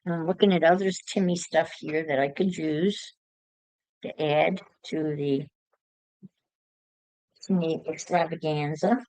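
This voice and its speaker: A woman's voice: low voice, slow pace, long pauses, a little mellow, no echo, poor audio. A woman chatting casually to livestream viewers while she crafts, musing aloud as she works.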